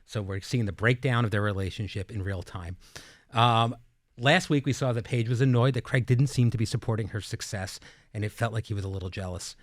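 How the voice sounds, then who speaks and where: Fast-talking man hosting. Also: on the low side, no echo, studio quality. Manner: joking and self-deprecating. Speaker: podcast host and executive producer. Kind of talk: casual podcast conversation.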